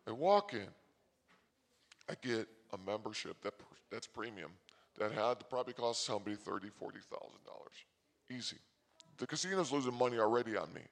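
A man hosting a comedy show, telling a rambling story with loud bursts and quick asides. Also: fairly low pitch, animated, gravelly. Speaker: comedy host. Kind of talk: rambling comic monologue.

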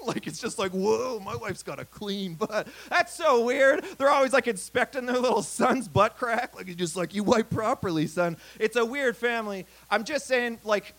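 A man performs a stand-up comedy set in a bar, speaking into a stage mic. His voice sits high for a man. He rambles and runs himself down, with constant fillers and frequent swearing. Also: fairly bright tone. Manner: rambling, filler-heavy, profane, self-deprecating. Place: comedy night in a bar venue.

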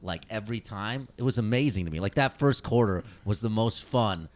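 A man hosting a loose comedy podcast, with a voice that sits on the low side. He swears through nearly every line and gets excited fast. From Indiana. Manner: profane, excitable, loud bursts of laughter. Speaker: podcast host. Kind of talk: casual comedy podcast chat. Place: comedy club, recorded live.

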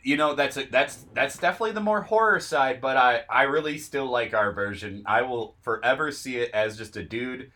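A man's voice: mid-range voice, moderate pace, hardly any pauses, sharp tone. A man co-hosting a podcast in casual chat, laid-back and joking, sometimes reading from an article. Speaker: podcast co-host.

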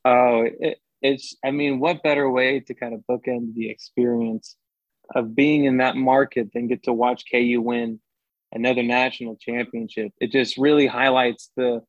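A man's voice: medium pitch, little pitch movement, normal speed, dry recording. Chatty young man on a dull, dry line. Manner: chatty, restarts sentences often, upbeat. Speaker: sports anchor, podcast guest. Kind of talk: casual podcast chat.

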